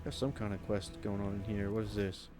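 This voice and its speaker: A man's voice: fairly low pitch, steady tone, a little fast, music in the background. A man giving casual, rambling commentary as he plays a video game, talking to himself. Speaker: gaming streamer.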